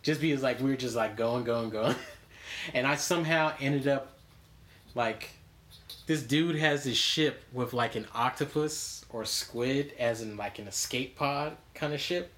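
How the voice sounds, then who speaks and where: A man's voice: medium pitch, unhurried, fairly bright tone. A man hosting a podcast, chatting casually with a co-host, rambling through stories with lots of fillers and frequent laughs. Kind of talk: casual chat.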